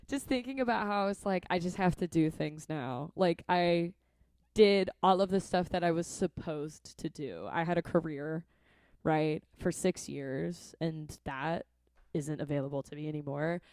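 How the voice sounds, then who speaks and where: A woman's voice: low-pitched, measured pace, a little mellow, smooth, no echo. A young woman vlogging in a casual, rambling way, chatty and earnest, often adding "like" and "right?". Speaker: vlogger and musician.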